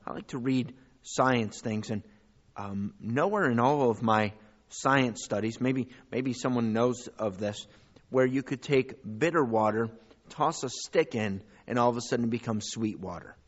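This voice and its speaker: A man preaching a sermon as pastor, rising to loud, high calls and dropping to quiet asides. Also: a little slow, muffled recording. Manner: preaching with big swings in pitch and loudness.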